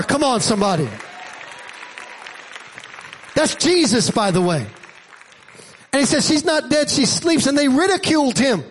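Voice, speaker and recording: A man preaching a sermon as pastor, emphatic and calling out to the congregation. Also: very high-pitched.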